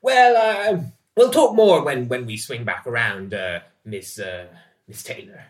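A man voicing a rakish, boastful gentleman who flirts and drops names, in a tabletop game. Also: mid-range voice, lively intonation, measured pace, natural voice. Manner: pompous name-dropping swagger. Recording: echoey and distant from the mic.

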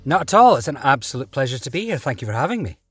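A man, an actor guest, telling stories in a relaxed interview, chatty and quick to laugh. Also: mid-range voice, breathy edge, dry recording, soft background music. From Britain. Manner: chatty, laughs often, restarts mid-sentence.

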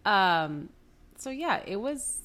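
A woman co-hosting a casual podcast chat, her voice going hoarse. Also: mid-range voice, sing-song, slow pace, a bit bright, a little hiss or hum. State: losing her voice. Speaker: podcast co-host.

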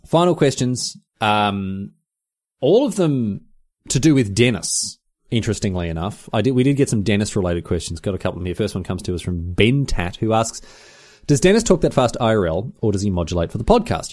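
An Australian man with a fairly low voice hosts his podcast alone. He talks fast and tells stories with lively exclamations. It is easy, casual chat. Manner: fast, animated storytelling with exclamations. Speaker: podcast host.

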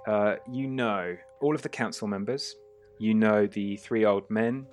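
A man narrating a tabletop game as game master, casual and prone to quick restarts. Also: on the low side, darkish tone, faint music behind.

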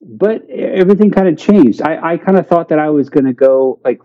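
A man from the United States, a podcast guest, talking casually and haltingly, often repeating words. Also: on the high side, expressive, highs cut off. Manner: halting, repeats words while searching for them. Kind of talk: casual interview chat.

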